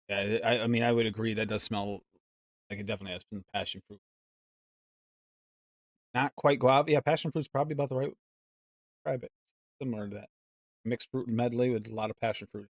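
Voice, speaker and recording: With a fairly low-pitched voice, the man runs a live mixing show, reading recipes aloud and chatting in a loose, musing, rambling way. It's casual live-stream talk, captured with clean studio sound and no echo.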